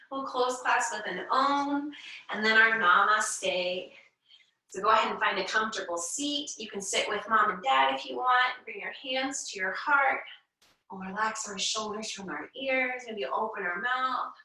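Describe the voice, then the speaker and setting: A woman leading a children's yoga class, talking slowly and gently and encouraging the kids with chants and animal sounds. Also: on the high side. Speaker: kids' yoga teacher. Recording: echoey room, mic far off.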